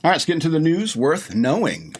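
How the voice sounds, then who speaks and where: A middle-aged podcast host gives a casual, rambling review of a movie, gushing, laughing often, and acting out its lines. His voice is on the high side, sing-song and slightly rough, and his delivery is brisk.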